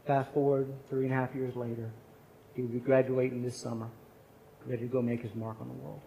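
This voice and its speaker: A man's voice: medium pitch, little pitch movement, brisk, creaky, warm tone, a little hiss or hum, low-quality recording. A man in his forties preaching at a chapel service, telling a personal story and acting out the voices of the people in it. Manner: storytelling, acts out quoted voices. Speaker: chapel speaker. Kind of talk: sermon story.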